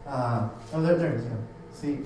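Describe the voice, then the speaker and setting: A man preaching from across a very echoey room, his voice mellow and set back from the mic. He talks in a loose, conversational way, doubling up words as he goes. A faint hum sits under it. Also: medium pitch, moderate pace, far from the mic. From United States. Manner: conversational, repeats words and restarts often. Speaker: pastor. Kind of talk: sermon.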